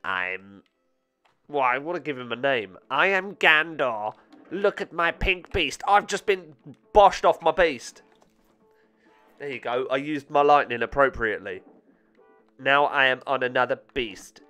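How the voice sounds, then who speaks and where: A man giving excitable, self-mocking let's-play commentary with frequent swearing. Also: medium pitch, unhurried, pauses often, clean tone, faint music behind. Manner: excitable, swearing, laughing at himself. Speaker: gaming channel host.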